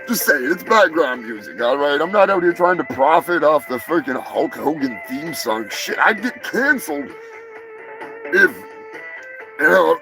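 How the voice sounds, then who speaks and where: A man hosting a live stream, rambling crude jokes and shouting greetings to chatters. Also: sits high, vocal fry, poor audio. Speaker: live show host. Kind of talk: crude casual livestream banter. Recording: music playing behind the voice.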